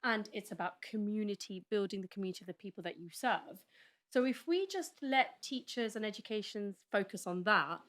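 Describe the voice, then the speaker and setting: Woman teacher type on a panel, measured, says what she thinks straight. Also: mid-range voice, animated, fairly bright tone. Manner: measured, frank, opinionated. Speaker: panel guest, educator. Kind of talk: panel discussion.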